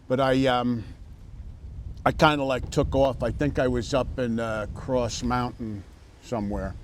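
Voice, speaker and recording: Slow, halting man telling a story. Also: mid-range voice, steady tone, slight background noise. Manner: halting, many fillers and restarts, storytelling. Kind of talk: casual interview testimony.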